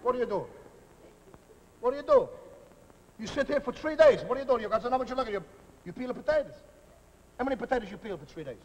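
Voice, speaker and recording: An actor playing a boisterous middle-aged Italian cook in a live TV comedy sketch, with a mock Italian accent and broken English mixed with Italian-sounding double-talk. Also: male voice, very high-pitched, expressive, fast talker, pauses often. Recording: scratchy hissy 1949 television recording.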